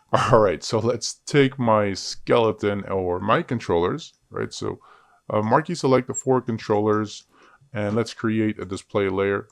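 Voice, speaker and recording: A man's voice: fairly low pitch, creaky, no echo, clean studio sound. A man teaching 3D character rigging in a screen-recorded tutorial, chatty and joking at himself as he works. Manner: chatty, self-joking asides. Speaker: 3D rigging instructor.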